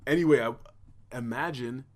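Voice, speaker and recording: A man's voice: mid-range voice, moderate pace. A man co-hosting a podcast, rambling casually with many restarts. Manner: rambling, hesitant, lots of restarts. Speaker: podcast co-host. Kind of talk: casual chat.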